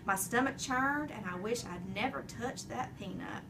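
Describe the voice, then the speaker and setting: A woman narrating a children's chapter book in an expressive, animated storytelling way. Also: fairly high pitch, measured pace, vocal fry, recorded from a distance, background noise. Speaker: audiobook reader.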